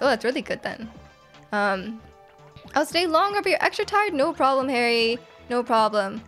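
A woman's voice: fairly high pitch, fairly bright tone. A woman live-streaming a video game, chatting casually with her chat, giggling often and reading messages aloud.

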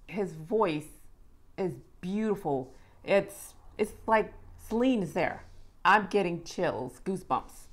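A woman's voice: fairly low pitch, expressive, slow, slight background noise. A woman giving casual, emphatic reaction commentary, amazed by what she hears. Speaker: reaction video creator.

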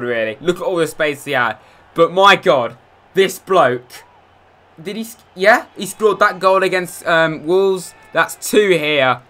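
A man giving casual, excitable commentary over a football video game, swinging between low mutters and loud outbursts. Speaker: gaming YouTuber.

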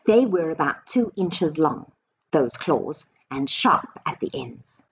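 A woman, possibly a teacher, reading a storybook aloud to children slowly and expressively, with dramatic emphasis. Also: sits low, animated, breathy edge, highs cut off.

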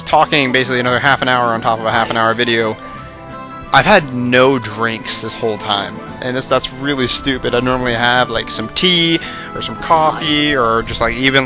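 A young man giving casual, rambling commentary over a video game, his voice strained and worn out, bursting into excited shouts. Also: medium pitch, moderate pace, over music. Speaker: gaming commentator.

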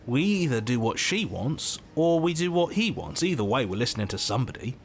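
A man's voice: medium pitch, very animated, fairly quick, a little hiss or hum. A man voicing the stern, exasperated narrator of a horror game, speaking dryly and with command. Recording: game audio with loud music behind.

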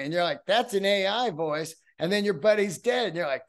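A man's voice: high-pitched, lively intonation, fast, few pauses. A man in his fifties hosting a solo podcast, telling rambling, profane stories and acting out voices along the way. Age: 50s. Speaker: podcast host.

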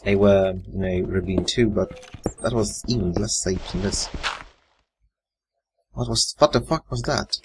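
With a faint computer fan whine and a bit of hiss or hum behind him, a gamer commentates his own live play, muttering and casually cursing. He speaks in a fairly low pitch, unhurried, leaving long pauses.

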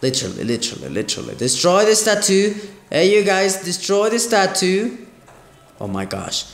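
A man gives excitable play-by-play of a mobile game, his slightly high voice swinging widely as he exclaims and repeats himself. The room rings with echo, and faint game music plays behind him. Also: moderate pace. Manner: exclamatory, repeats phrases, frequent "oh my gosh". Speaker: gaming channel host.

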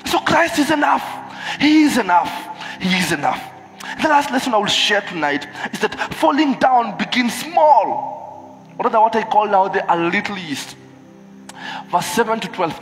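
High-voiced preacher in a hall. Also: male voice. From Kenya. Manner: animated, switches into Swahili, acts out quoted voices. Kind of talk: sermon. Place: church hall. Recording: echoey church hall with music.

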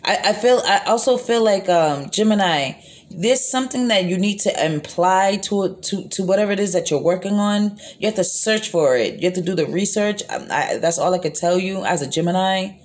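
A woman's voice: medium pitch, moderate pace. A woman giving a casual tarot reading into her phone, rambling and repeating herself with lots of fillers, blunt and sometimes profane. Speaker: tarot reader.

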